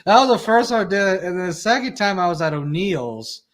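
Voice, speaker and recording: A man's voice: sits high, expressive, a little fast, fairly bright tone. A man hosting a casual talk show, rambling and crude as he talks. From Chicago. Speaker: podcast host. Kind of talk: casual chat.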